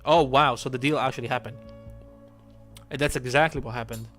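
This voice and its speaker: A man's voice: mid-range voice, steady tone, fairly quick, fairly bright tone, faint music behind. Wry man thinking aloud over a game. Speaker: streamer. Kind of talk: casual gameplay commentary.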